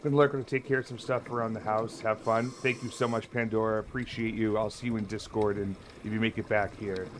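A man streaming a horror game, commentating live and often yelling and swearing in panic. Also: lowish voice, little pitch movement, fairly quick, hardly any pauses, slight background noise.

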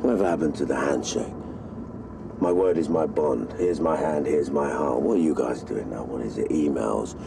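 An actor playing a menacing, foul-mouthed older man who runs the village, talking bluntly and deliberately inside a car. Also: extremely low pitch. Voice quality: gravelly, threatening. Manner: blunt, profane, slow and deliberate. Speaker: local boss who owns the village. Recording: distant voice over loud car noise.

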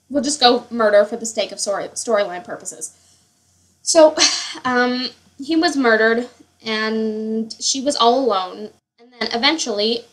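A woman's voice: a little high, a bit bright, rough recording. A young woman giving casual, rambling commentary on her Sims family, full of fillers and self-corrections. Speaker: Sims player.

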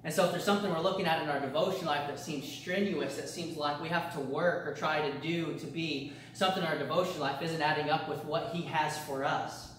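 A man's voice: a little high, steady tone, brisk, hardly any pauses, fairly bright tone, slight background noise. A male pastor teaching a church discipleship class, earnest and repetitive, often restarting his phrases. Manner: earnest, repetitive preaching cadence with frequent restarts. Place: church meeting room. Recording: very echoey room, mic far off.

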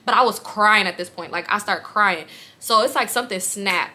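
A young woman vlogger telling a personal story in a candid, animated way, swearing freely. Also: medium pitch, moderate pace.

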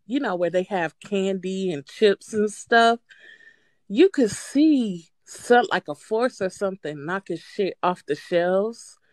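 A woman calling in to a show, telling a story in a casual, animated way, swearing freely and breaking into nervous laughter. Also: medium pitch, no echo. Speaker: caller.

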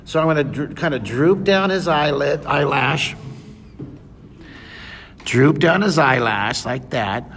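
Upbeat male art teacher, high and bright, recorded in an echoey hall. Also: lively intonation, slow pace, gravelly, long pauses. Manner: enthusiastic, cheering on children. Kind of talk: live drawing lesson with kids. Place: museum room with children. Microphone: leaning close to camera. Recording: echoey hall, noisy room.

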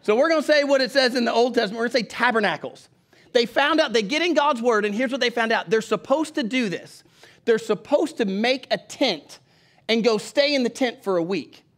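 A middle-aged pastor with a Southern country accent, preaching a folksy sermon and calling on the congregation to read along with him. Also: male voice, very high voice, a little fast, a bit bright.

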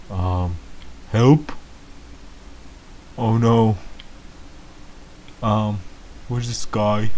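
A man's voice: lowish voice, darkish tone, muffled recording, slight background noise. A man giving comedic gameplay commentary as a clueless beginner, whiny, easily startled and rambling with lots of ums. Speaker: gamer playing a clueless beginner.

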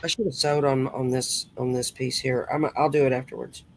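A woman's voice: very deep voice, little pitch movement, fairly quick, creaky, soft background music. A woman hosting a casual crafting chat, talking as she works and tossing in folksy exclamations. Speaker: host.

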